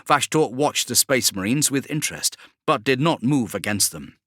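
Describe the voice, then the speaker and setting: A man reads a bedtime science-fiction audiobook, his pitch rising and falling lively with the action. His tone is bright and crisp, and he moves at a normal speed with few pauses. The recording is dry and close, with no room sound at all.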